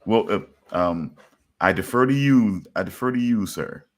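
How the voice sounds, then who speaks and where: A man's voice: lowish voice, lively intonation, normal speed. A man on a live stream rambling through a story with lots of fillers. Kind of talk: casual banter on a live stream. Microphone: video call.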